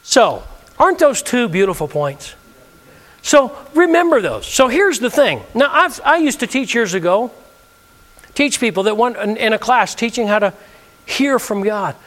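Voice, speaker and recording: A man's voice: extremely high pitch, very animated, moderate pace, a bit bright. A male pastor preaching a sermon, leading the congregation in call-and-response with emphatic delivery. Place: church sanctuary.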